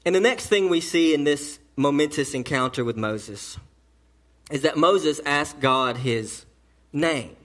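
A man with a notably high speaking voice preaches a church sermon. He drops to near-whispers and climbs to strong emphasis, restarting phrases as he drives each point home. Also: expressive, unhurried. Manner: emphatic preaching that swings from hushed to loud. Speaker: pastor.

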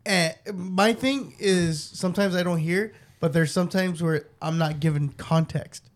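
A man in casual chat, telling animated stories and swearing often. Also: high-pitched, unhurried.

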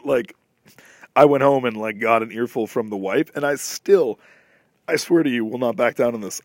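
A young adult man hosting a podcast, telling a long, profane, animated story in casual chat. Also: medium pitch, dry recording, clean studio sound. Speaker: podcast host.

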